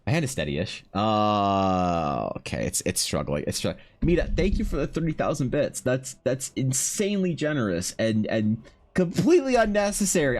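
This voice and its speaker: Flustered man streaming while drawing. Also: mid-range voice. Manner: emotional, stammering, swears a lot. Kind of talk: live stream chat.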